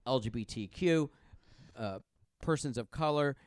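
A man's voice: medium pitch, a little slow, a little mellow, clean tone, no room sound, clean studio sound. A man who is a minister chatting about politics in a blunt, earnest way. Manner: earnest, blunt, laughs easily. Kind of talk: casual political chat.

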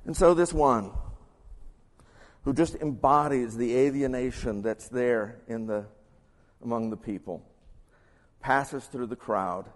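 A man's voice: mid-range voice, slow, pauses often. A man giving a sermon-style Bible lesson, reading scripture aloud and adding his own asides. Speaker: pastor or Bible teacher. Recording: long hall reverb.

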